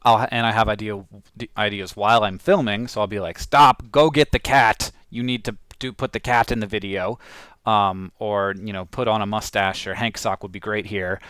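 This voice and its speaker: A man's voice: on the low side, fairly even intonation, a little fast, fairly bright tone, smooth, no room sound. A man casually talking through his own video edit, rambling with lots of fillers and restarts. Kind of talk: casual talk-through while editing.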